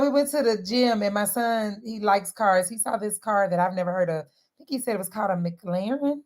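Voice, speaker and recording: A woman talking straight to her viewers in a lively, sermon-like way, mixing casual slang and laughter into faith-based wellness advice. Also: medium pitch, fairly quick. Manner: animated, sermon-like, southern-inflected slang with frequent laughs. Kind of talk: lively preachy direct-to-camera talk.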